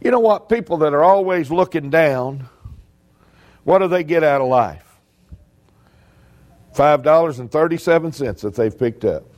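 Male preacher, folksy and humorous, slightly high voice. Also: lively intonation, measured pace, pauses often, a little mellow. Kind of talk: sermon.

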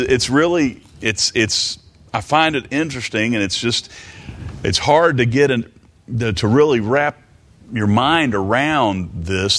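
A man teaching from the Bible in a sermon, halting and repeating words, slowing down for emphatic quotes of scripture. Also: mid-range voice, fairly bright tone. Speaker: preacher.

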